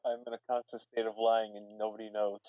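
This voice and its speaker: A man's voice: lowish voice, completely flat delivery, a little fast, dry recording. A man chatting and teasing in a laid-back way as co-host on a stream, laughing often. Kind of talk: casual chat. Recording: dull lo-fi mic. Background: faint background music.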